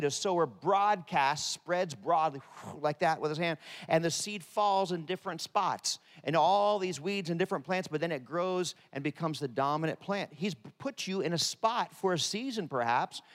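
Joking preacher in an echoing hall. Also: male voice, sits high. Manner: humorous, with deadpan jokes and lively asides. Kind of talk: sermon. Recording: long reverb of a large hall.

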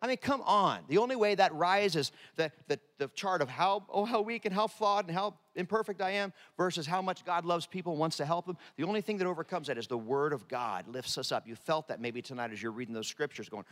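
A man preaches with a fairly high voice and slips in deadpan jokes between the scripture. His words carry the long reverb of a large hall. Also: brisk. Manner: humorous, with deadpan jokes and lively asides. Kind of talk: sermon.

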